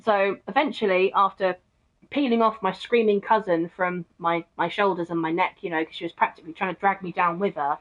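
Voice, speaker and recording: A woman's voice: fairly low pitch, fairly even intonation, brisk. A young woman streamer telling a casual story, rambling with many fillers and frequent laughs. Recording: dull lo-fi mic.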